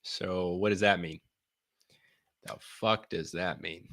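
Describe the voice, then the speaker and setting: A man's voice: low-pitched, fairly even intonation, slow pace, a bit bright, no room sound, studio quality. A man giving blunt, sarcastic, rambling commentary on survey charts during a casual live stream. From United States.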